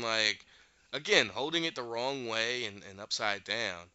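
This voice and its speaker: A man's voice: on the low side, a little slow, sharp tone, smooth, no echo, highs cut off. A man casually recapping a show, animatedly retelling scenes and acting out the characters' lines. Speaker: podcast host recapping a show.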